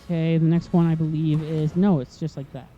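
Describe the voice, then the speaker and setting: A gameplay commentator whose voice is going hoarse, talking through a tricky puzzle and getting more frustrated, swearing and complaining at the game. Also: mid-range voice, flat delivery, a little fast, dull audio, faint music behind. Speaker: video game let's-play host.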